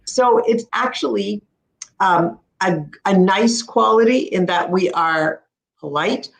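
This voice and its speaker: A woman with an Ontario Canadian accent explains pronunciation in an easygoing talk over a video call. Her pitch sits at a middling level for a woman. The sound is roomy, with the room's echo clearly around her voice. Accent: Ontario Canadian English. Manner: warm explaining, demonstrates pronunciations slowly. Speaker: speech-language pathologist guest. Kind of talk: casual explanatory chat.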